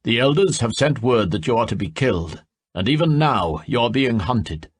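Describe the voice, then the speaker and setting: A man's voice: mid-range voice, animated, moderate pace, slightly rough, no room sound, pitched above the performer's own voice. A man voicing a grave male elf messenger who brings a warning, in an audiobook.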